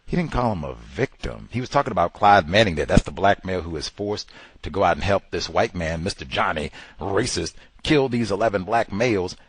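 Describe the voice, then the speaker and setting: A man's voice: sits low, animated, fairly quick, husky, no room sound. A man hosting a podcast, delivering emphatic commentary and mimicking the people he quotes. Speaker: podcast host. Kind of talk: commentary monologue.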